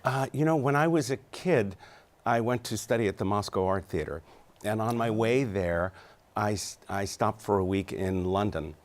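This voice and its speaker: A man's voice: on the low side, moderate pace. Chatty, self-deprecating man in his fifties. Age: 50s. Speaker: Broadway actor, interview guest. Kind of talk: studio interview talk. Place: TV studio.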